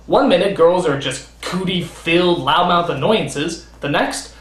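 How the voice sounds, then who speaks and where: A man hosting a comedic countdown review. He is sarcastic and animated, with quick comic asides. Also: fairly high pitch. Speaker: host and critic. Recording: roomy studio with faint music.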